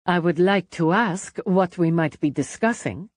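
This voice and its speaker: A poised middle-aged restaurant owner with a faint Italian accent, played by a woman narrator. She speaks in gracious, formal phrases with a lively rise and fall, in a dry, close studio read. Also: lowish voice, a little slow, dry recording. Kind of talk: audiobook character voice.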